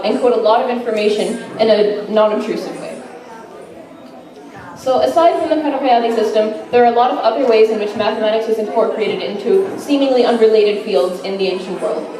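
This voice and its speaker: A woman's voice: a little high, brisk, mellow. A woman giving an informal class presentation, enthusiastic and chatty, with frequent fillers. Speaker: student presenter. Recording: echoey room, mic far off.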